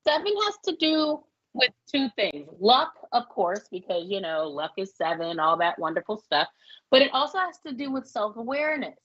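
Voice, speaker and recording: A woman's voice: sing-song, moderate pace, fairly bright tone, slightly rough. A woman from Pennsylvania giving a folksy, reassuring live tarot reading, calling listeners honey and love. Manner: folksy, reassuring, laughs often. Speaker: psychic reader. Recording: muffled low-fi audio.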